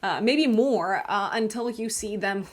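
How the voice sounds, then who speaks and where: A woman's voice: mid-range voice, unhurried. Chatty woman astrologer, lots of fillers. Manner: chatty, many fillers and restarts, laughs at herself. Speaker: astrologer host. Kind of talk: casual horoscope monologue.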